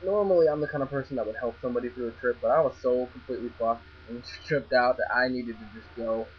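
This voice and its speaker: A young male vlogger with a mid-range voice talks fast, casually telling a story while stammering, restarting and swearing freely. The recording is dull and lo-fi, with a faint mains hum.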